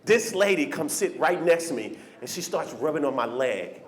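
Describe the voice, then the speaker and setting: A male stand-up comedian works a club stage in an animated, teasing way. His voice is high for a man and leaps all over the place. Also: normal speed.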